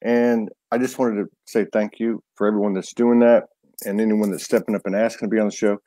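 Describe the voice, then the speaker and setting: A man hosting a live online show, loose and a bit halting, greeting viewers by name before bringing on his guest. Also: fairly low pitch, steady tone, dark tone, no room sound. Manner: loose, stumbling, reads out names. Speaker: host.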